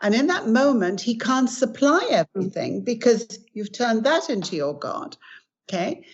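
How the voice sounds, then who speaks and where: A woman's voice: on the high side, big pitch swings, moderate pace, husky. An older woman, a guest author, earnestly teaching about spiritual acceptance and telling stories in conversation. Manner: earnest, storytelling with acted quotes. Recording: dull lo-fi recording.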